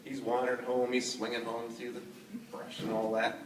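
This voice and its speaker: A man's voice: medium pitch, monotone, moderate pace, reverberant, distant mic, noisy background. A man narrating a puppet show for children in a playful way, speaking to the young audience. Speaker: puppeteer storyteller. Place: outdoor fair.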